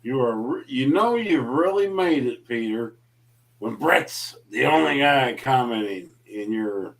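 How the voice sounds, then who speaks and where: A man's voice: mid-range voice, animated, measured pace, vocal fry, fairly bright tone. A man chatting as a guest on a late-night livestream, joking and ribbing the host. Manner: joking, teasing, playful. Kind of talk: casual late-night chat.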